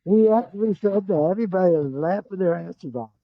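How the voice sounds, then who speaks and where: An older man tells animated stories as a guest in a casual chat, quoting other people along the way. His voice sits a little high. The sound is dry and close but dull and lo-fi. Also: brisk, no echo.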